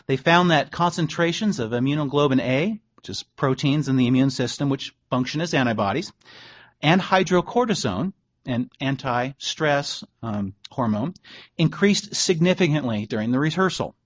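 A man's voice: mid-range voice, animated, normal speed. A man giving a sermon in a conversational way, reading out research and adding wry asides. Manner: conversational preaching, reads quotes aloud, wry asides. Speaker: pastor. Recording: dull lo-fi recording.

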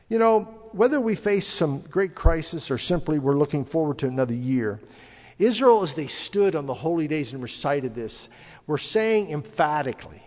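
Man preaching a sermon, fairly high voice, emphatic on scripture, long hall echo. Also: lively intonation, moderate pace, darkish tone. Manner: earnest preaching, rising emphatically on scripture quotes. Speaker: pastor. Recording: dull lo-fi audio with long hall reverb.

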